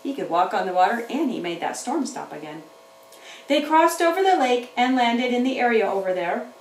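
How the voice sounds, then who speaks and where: A woman teaching children's church, telling a Bible story to young kids in an animated way and chatting with her puppets. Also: a little high, normal speed, slight background noise. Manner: animated, talks back to puppets. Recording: roomy room, mic at a distance.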